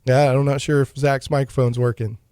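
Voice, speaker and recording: A man's voice: medium pitch, fairly even intonation, darkish tone, clean tone, no echo, clean studio sound. A man hosting a casual geek talk radio show, joking around with puns and laughing at his own jokes. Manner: jokey, punning, quick to laugh.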